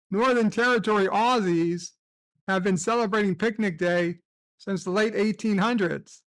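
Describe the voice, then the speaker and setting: A man's voice: high-pitched, vocal fry, fairly bright tone, no room sound. A man hosting a casual livestream chat, reading off the day's holidays and chat messages with crude, sarcastic asides. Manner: crude, sarcastic, profane rants. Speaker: livestream host.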